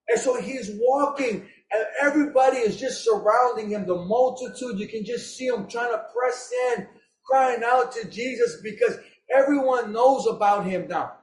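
A man preaching an impassioned, emotional sermon, raising his voice to a shout at its peaks. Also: very high voice. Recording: roomy echo.

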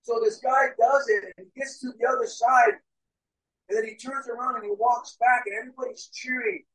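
A young man preaching a sermon as pastor, telling stories and swinging between loud and hushed delivery. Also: extremely high pitch, steady tone, a little fast, rough recording. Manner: storytelling, acts out crowd voices, swings between loud and hushed.

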